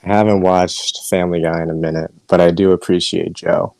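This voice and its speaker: A man chatting as a co-host, calmly recalling a scene in a steady, measured way. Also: low-pitched, gravelly, no room sound, poor audio. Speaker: show co-host. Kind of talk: casual recollection.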